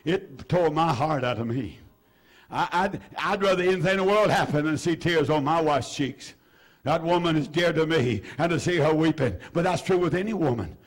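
A man preaching a fervent sermon to his church as pastor, pleading and rising to shouts, with many "uh" fillers. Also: fairly high pitch, lively intonation, normal speed.

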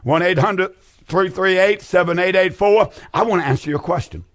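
A man's voice: high voice, moderate pace, fairly bright tone. An older man hosting a call-in Bible radio show, earnest and folksy, often repeating his phrases for emphasis.

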